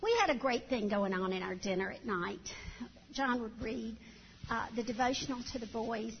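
A middle-aged woman telling animated, folksy stories to a church audience, recorded in a church hall. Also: fairly high pitch, vocal fry, slight background noise. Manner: animated, folksy storytelling with acted-out voices. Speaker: church speaker. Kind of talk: storytelling talk to a church audience. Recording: dull sound in a long-reverb hall.

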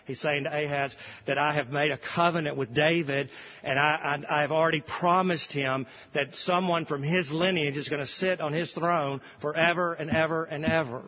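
A male pastor preaching a sermon in an earnest way, slowing down and pressing hard when he reads scripture aloud. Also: a little high, fairly even intonation, long reverb tail, lo-fi sound.

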